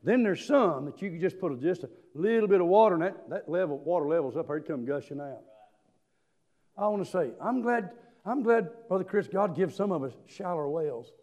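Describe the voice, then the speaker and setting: An older man preaching a sermon, telling folksy stories with drawn-out fillers and climbing into shouts. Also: animated. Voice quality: high-pitched, rising to shouts. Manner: folksy storytelling, drawling fillers.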